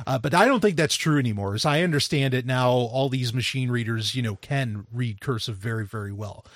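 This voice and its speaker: A man's voice: mid-range voice, brisk, fairly bright tone, no echo, studio quality. Rambling man podcast co-host. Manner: rambling, many fillers and restarts. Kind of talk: casual chat.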